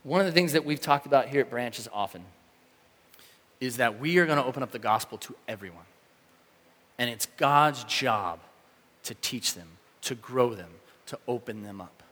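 A man preaching a sermon in a casual, animated way, acting out the reactions of the people in his story. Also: medium pitch, normal speed, long reverb tail. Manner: animated, conversational, acts out quoted reactions. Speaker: pastor.

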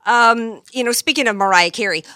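A woman's voice: fairly high pitch, fairly quick, bright, forceful tone, no room sound, studio quality. A woman hosting a talk show, delivering a sarcastic, combative political monologue full of rhetorical questions.

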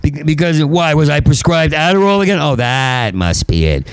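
A man, a stand-up comedian, in a profane rambling rant, stuttering and repeating syllables and swinging into angry shouting. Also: a little high, expressive, moderate pace, few pauses, clean tone, no echo.

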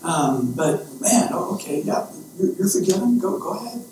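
An exasperated, sarcastic God sighs and stammers from his throne, as a man preacher puts him on, in a fairly high male voice. It is heard from a distant mic in a very echoey room with faint hiss behind. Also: expressive, moderate pace. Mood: puzzled.

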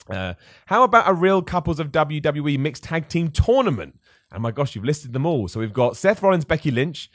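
An upbeat man hosts a live podcast and chats casually through viewer questions. His voice swings freely up and down. The sound is close and dry, with no room echo. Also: on the high side. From England. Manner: chatty, upbeat, reads viewer questions aloud. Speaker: podcast host. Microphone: studio microphone.

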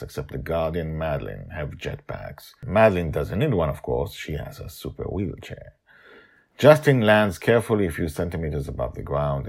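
Older male storyteller, very deep and gravelly, lively delivery for a serialized tale. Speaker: storyteller and podcast host. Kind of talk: storybook narration.

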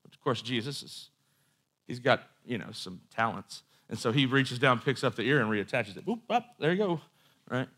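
A man's voice: medium pitch, normal speed, fairly bright tone. A man preaching a sermon in a conversational storytelling way, with asides and quoted voices.

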